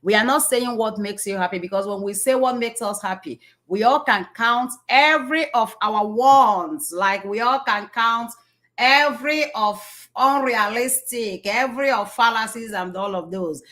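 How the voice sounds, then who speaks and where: A woman's voice: a little high, unhurried, a bit bright. A woman giving an inspirational talk, repeating phrases for emphasis and asking rhetorical questions. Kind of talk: slow, preachy motivational talk.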